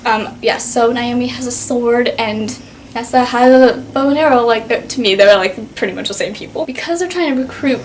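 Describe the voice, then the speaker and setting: A chatty, fairly high-voiced woman talks through a book in a casual video review. She peppers her talk with "like" and quick laughs. A faint hiss sits under her voice. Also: low-quality recording.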